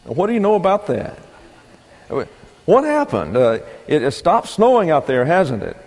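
A despairing man at the end of his rope, as a man acts him out, snapping out sarcastic, agitated lines. His voice climbs higher and louder than the teller's own, with wide swings in pitch. Everything rings in a long reverb. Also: very animated, normal speed. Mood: bewildered.

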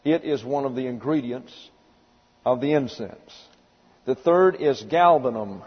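A man delivers a Bible teaching in a relaxed, folksy way, stopping to spell out unfamiliar words. His voice is a little husky. The recording is dull and lo-fi, with a long hall reverb trailing behind him. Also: mid-range voice, normal speed. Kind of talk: sermon lecture.

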